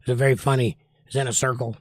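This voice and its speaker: A man's voice: medium pitch, fast talker, no echo. Man, livestream host, casual rambling chat, reads comments, dry close sound. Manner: relaxed, rambling, reads viewer comments aloud. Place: indoors at home by a window. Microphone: desk microphone.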